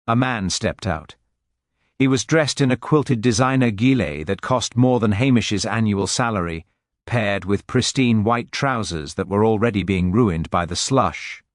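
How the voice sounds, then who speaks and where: Man, audiobook narration, low voice, steady, dry close sound. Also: unhurried, no room sound.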